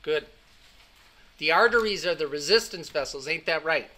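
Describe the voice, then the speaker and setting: Speaking at normal speed, a man with a slightly high, sharp voice and lively intonation teaches anatomy and physiology in a classroom lecture. He stresses and repeats the key points and keeps checking whether students are following.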